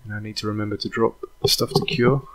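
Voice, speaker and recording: A man giving casual, thinking-aloud commentary while playing a video game, drifting into relaxed, rambling asides. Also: fairly low pitch, fast talker, crowd noise. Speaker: let's play host.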